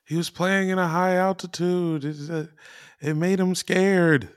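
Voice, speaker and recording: A man's voice: high-pitched, fairly even intonation, a little slow, clean tone, dry recording, studio quality. Wisecracking man on a comedy podcast. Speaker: podcast co-host. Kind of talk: comedic casual chat.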